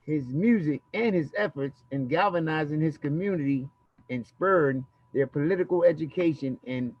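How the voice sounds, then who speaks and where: A man hosting a virtual concert, casually introducing a guest and slowing down for emphasis, heard over a dull, dry video-call line. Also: fairly high pitch. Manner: relaxed, slows down for emphasis.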